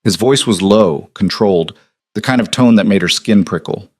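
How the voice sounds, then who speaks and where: A man narrating a historical romance audiobook in an even, measured storytelling manner. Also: on the low side, no room sound, clean studio sound.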